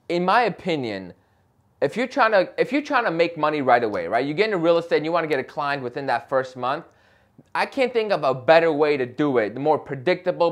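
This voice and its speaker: A young man talking straight to camera in an advice vlog, passionate and emphatic, often checking in with "right?". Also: fairly high pitch. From Chicago area. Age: young adult. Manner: passionate, emphatic, talks loudly with frequent "right?". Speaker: real estate agent and vlogger.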